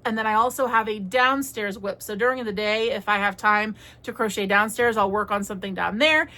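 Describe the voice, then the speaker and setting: A woman's voice: fairly high pitch, bright, forceful tone. A young woman chatting casually as a crochet vlogger, rambling and friendly in tone. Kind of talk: casual chat.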